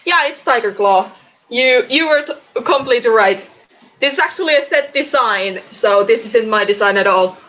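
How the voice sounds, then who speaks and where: A woman's voice: on the high side, lively intonation, normal speed, a bit bright, lo-fi sound. A woman streaming live, chatting casually, greeting viewers and answering their comments. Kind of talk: casual livestream chat.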